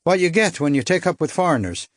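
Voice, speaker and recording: A man's voice: on the high side, sing-song, fast talker, no room sound, clean studio sound, pitched above the performer's own voice. A man voicing a chatty, friendly Irish sailor who talks in a lilting, jovial way. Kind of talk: audiobook character voice.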